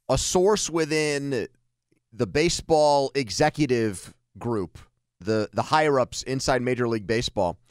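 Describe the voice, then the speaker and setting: A man's voice: medium pitch, clear, resonant tone, no echo, clean studio sound. A man hosting a sports radio show, chatting casually and teasing his co-host.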